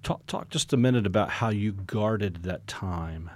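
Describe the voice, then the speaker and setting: A male podcast host with a very low voice asks a guest questions in a relaxed, folksy way. The sound is dry and close, with no room tone. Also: unhurried, dry recording. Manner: relaxed, folksy, frequent murmured agreement. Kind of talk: interview questions.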